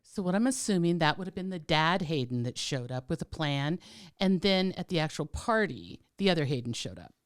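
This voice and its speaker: This low-pitched, smooth female voice is very animated and fairly quick. She co-hosts a podcast, keeping the casual chat warm and teasing and sprinkling in plenty of "like" and "um".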